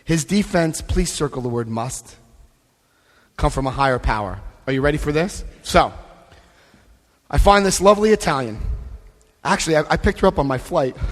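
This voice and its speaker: A middle-aged American man speaking at a recovery convention, telling joking, lively stories and acting out voices. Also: medium pitch. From United States. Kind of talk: animated storytelling talk. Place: large convention hall. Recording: long hall reverb.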